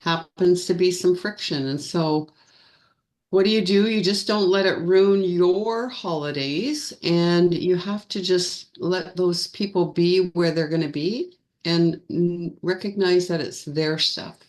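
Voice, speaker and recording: A woman's voice: lowish voice, slow, darkish tone. A woman co-hosting a live feng shui show, chatting casually and rambling with self-corrections. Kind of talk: casual live-stream chat.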